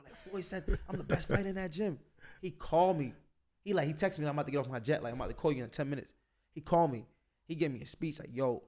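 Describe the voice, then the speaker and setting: A young man, a boxer, telling stories in a casual interview, animated and slangy, full of "like" fillers. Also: a little high.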